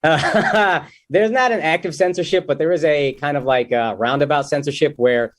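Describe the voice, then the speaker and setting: A man's voice: a little high, moderate pace. A young man, a comedian guest in a casual interview, talking loosely and jokingly, with lots of "dude" and "like".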